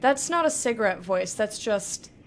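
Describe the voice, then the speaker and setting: Here a woman with a mid-range, expressive voice talks at a normal speed, with a little hiss or hum in the recording. She's young, playing a game blind, and her casual commentary is chatty, full of restarts and self-mockery.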